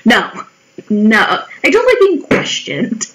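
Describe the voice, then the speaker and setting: A woman's voice: on the high side, wildly swooping pitch, slow, a bit bright, rough recording. A young woman chatting casually in a vlog while she draws, candid and swearing freely, often mimicking the people in her stories. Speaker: vlogger. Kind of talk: casual chat while drawing.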